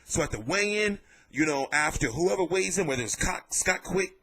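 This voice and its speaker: A man giving casual vlog commentary on boxing, telling it in an animated, jokey and profane way. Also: on the high side, normal speed, slight background noise.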